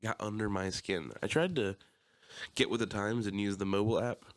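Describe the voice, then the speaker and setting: A young man with a Philadelphia-area accent tells a story on a podcast, his voice sitting a little low. He is animated and swears freely. He loudly acts out the lines of people in his stories. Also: a little fast. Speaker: podcast co-host. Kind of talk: casual chat, storytelling.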